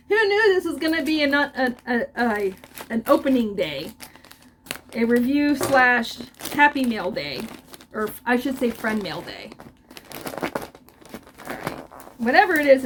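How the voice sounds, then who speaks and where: An older woman with a fairly high voice talks in a loose, chatty way, stopping and restarting her sentences. She comes across as openly emotional and often laughs between thoughts. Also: very animated, slow pace, long pauses, slight background noise. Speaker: crochet vlogger. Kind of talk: casual chat.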